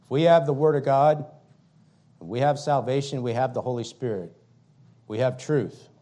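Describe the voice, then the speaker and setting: A male pastor delivers a fiery, emphatic sermon at a moderate pace, repeating himself and swinging between loud proclamations and quiet, low stretches.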